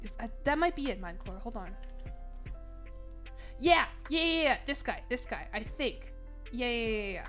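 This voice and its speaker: A young woman from Chicago talking loosely to her stream, circling back on herself and laughing as she goes. Her voice sits a little high, and faint music plays quietly beneath her. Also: expressive, a little fast. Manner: rambling, emotional, self-mocking, laughs often. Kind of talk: casual chat on stream.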